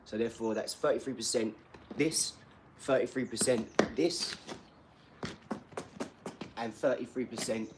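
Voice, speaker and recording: A man's voice: medium pitch, a little slow, long pauses, very noisy. Rambling man in his forties. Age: 40s. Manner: rambling, chatty, says 'do you know what I mean'. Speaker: livestream host. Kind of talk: casual chat, reading out viewer comments.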